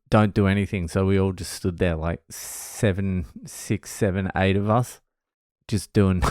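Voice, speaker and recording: A man's voice: low-pitched, dry recording, studio quality. A young man, a comedian, telling a blunt, sweary workplace story in a casual vlog. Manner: blunt, sweary, animated ranting with mocking voices. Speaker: vlogger, comedian.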